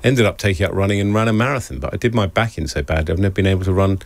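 A man's voice: low-pitched, rapid-fire. A male radio presenter talking casually, chatty and self-deprecating, often repeating words as he goes.

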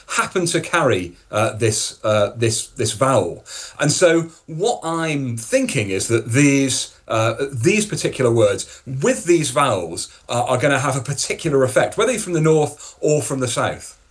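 A man with a northern English accent, a professor, talks through his ideas in an explanatory, thinking-aloud way. His voice sits in a middle pitch, and he speaks in a radio interview. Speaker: dialectology professor.

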